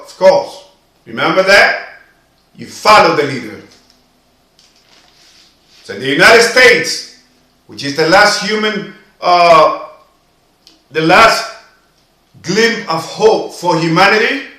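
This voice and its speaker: Slow, preachy high-voiced man, echoey room. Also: lively intonation, sharp tone. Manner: emphatic, preachy, drawn-out phrases with repetition. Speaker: video commentator. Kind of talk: impassioned monologue to camera.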